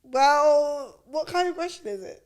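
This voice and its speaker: Wry, laughing woman co-host, higher voice. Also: animated, a little slow, a little mellow. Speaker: podcast co-host. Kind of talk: casual chat.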